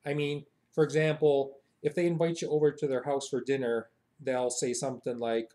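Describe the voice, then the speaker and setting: A man's voice: medium pitch, steady tone, brisk, few pauses, warm tone. An American man hosting a satirical phrase lesson in a chatty, mock-boastful way. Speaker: satirical video host.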